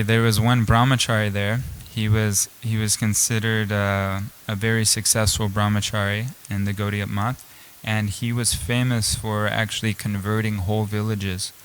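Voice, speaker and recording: A man's voice: on the low side, level tone, measured pace, fairly bright tone, a little hiss or hum, low-quality recording. A man giving a storytelling scripture class at a temple, speaking casually with many fillers and restarts. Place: temple hall.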